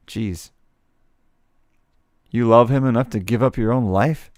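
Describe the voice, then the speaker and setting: A man's voice: medium pitch, a little slow, long pauses, darkish tone, no room sound, studio quality. A man streaming a game, casually commenting and reading its dialogue aloud with playful voices and frequent laughs. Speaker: let's play streamer. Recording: faint game music behind.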